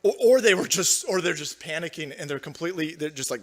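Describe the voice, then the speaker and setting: A man's voice: on the high side, animated, quick pace, fairly bright tone. A young man hosting a livestream, ranting profanely about politics and reading out viewer chat. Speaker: livestream host.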